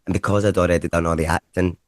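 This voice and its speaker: A Scottish man, a comedian, chatting casually in an interview and telling rambling, lively anecdotes with some swearing. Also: deep voice, rapid-fire, no echo. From Scotland. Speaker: comedian guest. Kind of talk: casual conversational storytelling.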